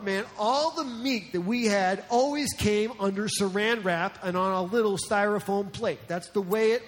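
High-voiced man preaching in a hall. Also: fairly bright tone. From New Jersey. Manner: conversational, joking preaching. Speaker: pastor. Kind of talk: sermon. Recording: long reverb in a large hall.

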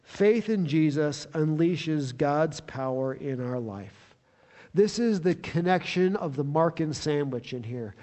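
A man preaching a sermon as a pastor, telling the story in an animated way that swells with excitement. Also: fairly high pitch, slow pace, long reverb tail.

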